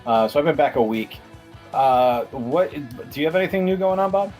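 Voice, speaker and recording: Lively-voiced man cracking deadpan jokes. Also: on the high side, moderate pace, faint music behind. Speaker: podcast co-host. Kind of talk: casual chat.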